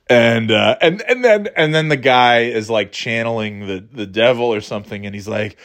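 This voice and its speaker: A man's voice: medium pitch, moderate pace, few pauses, fairly bright tone. A man hosting a podcast, chatting casually about movies in a rambling, profane way, acting out scenes in mocking voices. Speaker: podcast host.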